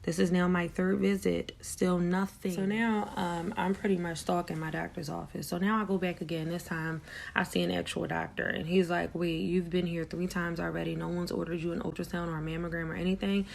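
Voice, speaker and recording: A young woman telling her own story in a candid, blunt way, swearing freely and getting animated at the intense parts. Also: fairly low pitch, fairly quick, creaky, a little hiss or hum. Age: young adult. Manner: animated, rising loud when recounting shock. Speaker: vlogger sharing her story.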